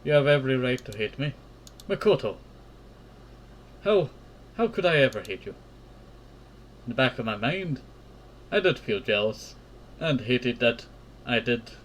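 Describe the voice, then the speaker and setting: A man reading the lines of a tender, loyal young woman friend in a visual novel game, gently and reassuringly, in an everyday voice. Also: medium pitch, very animated, unhurried, long pauses, slight background noise, rough recording.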